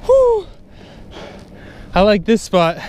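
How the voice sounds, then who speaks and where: A man's voice: high-pitched, measured pace, background noise. A man vlogging from a small boat at sea, exclaiming and cheering over a big catch. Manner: excitable, exclaiming, breathless. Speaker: fishing vlogger. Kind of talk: excited fishing vlog narration.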